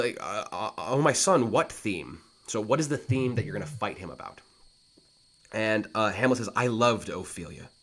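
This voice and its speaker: Man, lowish voice, literature teacher, reads quotes slowly then paraphrases casually. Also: fairly bright tone. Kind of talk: explaining and reading a play aloud.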